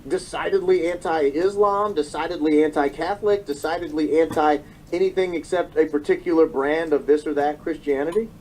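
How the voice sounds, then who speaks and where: A man's voice: on the high side, steady tone, fairly quick, hardly any pauses, darkish tone, slight background noise, poor audio. A man in his thirties giving an emotional political monologue, often repeating phrases and correcting himself. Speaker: political commentator. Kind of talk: monologue commentary.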